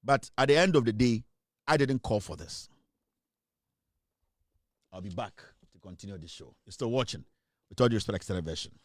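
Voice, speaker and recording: Threatening man with a lively voice. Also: on the low side, moderate pace, pauses often, a little hiss or hum. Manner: threatening, repetitive, accusatory. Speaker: talk show host. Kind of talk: heated live commentary.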